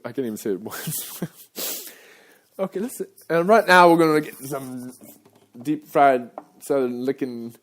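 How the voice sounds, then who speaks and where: A man's voice: mid-range voice, measured pace. A man rambling through live stand-up banter and laughing at his own slips at a venue with an audience. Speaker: comedian and kirtan singer. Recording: live show with music and crowd. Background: guitar music and a crowd.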